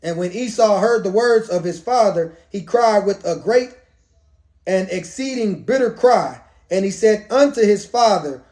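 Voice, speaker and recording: A man's voice: high voice, lively intonation, a little slow, a little mellow. A man, a pastor, reading Bible verses aloud and explaining them in casual street slang with jokes. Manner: reads archaic verses then riffs in street slang with humor. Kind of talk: scripture reading with commentary.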